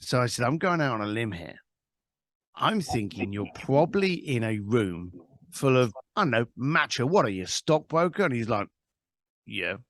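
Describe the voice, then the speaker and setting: A man's voice: mid-range voice, very animated, moderate pace, a bit bright, dry recording, clean studio sound. A man, a guest telling an anecdote in an interview. He acts out both sides of a phone call. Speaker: guest, author. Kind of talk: storytelling interview.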